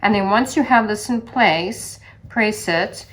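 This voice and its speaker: A woman calmly walking through a sewing demonstration step by step, in a gentle sing-song teaching manner. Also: mid-range voice, slow. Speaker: sewing instructor.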